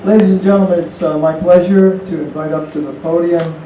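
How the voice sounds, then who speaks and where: A man's voice: high voice, fairly even intonation, a little fast, warm tone, lo-fi sound. A man acting as master of ceremonies, thanking a speaker with a light quip and introducing the next guest formally. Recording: echoey hall, distant mic, ambient noise.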